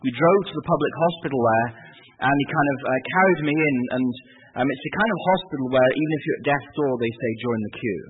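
An Englishman telling a personal story in a halting, vivid way, with many fillers and restarts. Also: medium pitch, slight background noise. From England. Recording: tinny phone-like radio sound.

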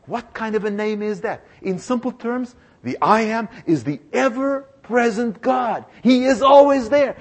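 Male preacher, high voice, animated storyteller who gets the congregation repeating lines. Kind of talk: sermon.

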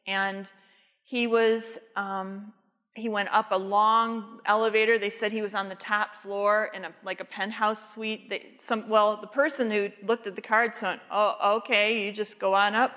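A woman's voice: medium pitch, flat delivery, a little slow, pushed and bright. A woman giving a devotional talk, earnestly retelling a story and quoting its people's words. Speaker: Bible teacher. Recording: long hall reverb.

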